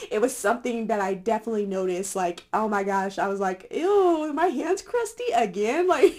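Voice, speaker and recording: A young adult woman chatting casually to her viewers, filling pauses with "um" and "like" and laughing often. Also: mid-range voice. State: a little winded. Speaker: vlogger. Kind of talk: casual chat to camera.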